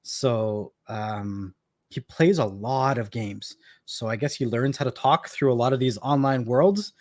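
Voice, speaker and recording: He's a man from Canada in his thirties, talking casually on a live stream at medium pitch, a little slowly and a little mellow. Stories come with plenty of laughter, and he repeats words.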